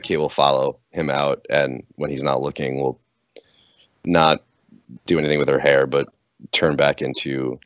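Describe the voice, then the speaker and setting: A man playing a tabletop game over voice chat, narrating his character's actions haltingly with fillers. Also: very deep voice, no room sound. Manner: hesitant, many fillers and restarts. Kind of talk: casual role-play narration. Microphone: computer mic on voice chat. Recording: dull lo-fi voice chat.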